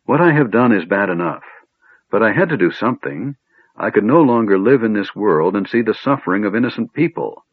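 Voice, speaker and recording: A grave, sorrowful silver dragon maiden, as a male narrator puts her on, low and passionate in her speech. Her lines rise a little above his own lively, lowish voice. The sound is thin and tinny, as if over a phone, and completely dry. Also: brisk, husky, no echo. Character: sorrowful female silver dragon in elf form.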